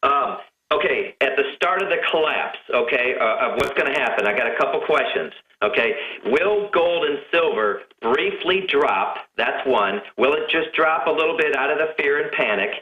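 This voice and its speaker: A male caller with a bright, forceful tone asks halting, hesitant questions. His voice sounds roomy and echoey, as if he is phoning from a bare room. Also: mid-range voice, animated. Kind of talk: call-in question.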